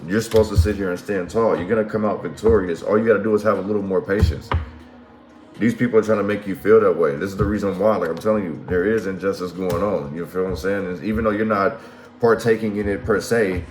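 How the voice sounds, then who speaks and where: Deep-voiced man giving a slangy tarot reading. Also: fast, darkish tone. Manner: slangy and profane, keeps asking "you feel what I'm saying". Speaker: tarot reader. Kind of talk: casual tarot reading to camera. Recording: roomy echo, faint music behind.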